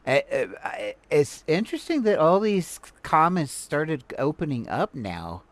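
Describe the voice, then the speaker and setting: A man's voice: on the high side, huge pitch swings, no room sound. An older man from Houston talks through a video in loose, casual commentary. He stops and restarts often and fills the gaps with ums. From Houston, Texas. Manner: chatty, halting with many fillers and restarts. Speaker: live streamer reacting to a video.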